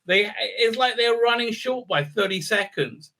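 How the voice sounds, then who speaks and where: A man's voice: very high voice, lively intonation, unhurried, pushed and bright. A man giving a sarcastic, profane recap review full of fillers and restarts. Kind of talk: casual ranting recap.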